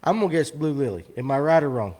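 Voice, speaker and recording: A man's voice: a little high, animated, quick pace, darkish tone. A man hosting a live fishing show, rambling and teasing his guests in casual chat.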